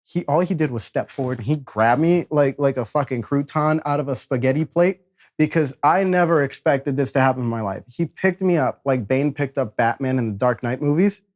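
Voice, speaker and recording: A young man from Chicago telling a story about himself in a loose, animated way, acting out voices, laughing at himself and swearing freely. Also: medium pitch, a little fast. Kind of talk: casual spoken storytelling.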